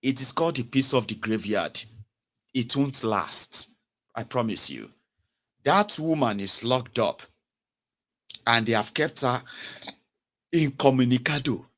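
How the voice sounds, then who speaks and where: Nigerian male host, mid pitch, impassioned commentary with pidgin asides and jokes. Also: lively intonation, unhurried, pauses often, fairly bright tone. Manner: passionate, lapses into pidgin and comic mimicry. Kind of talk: animated political commentary.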